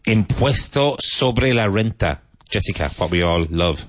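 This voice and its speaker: Deep-voiced male teacher running drills. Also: expressive, no echo. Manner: brisk, encouraging drill patter. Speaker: English teacher. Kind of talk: classroom vocabulary drill.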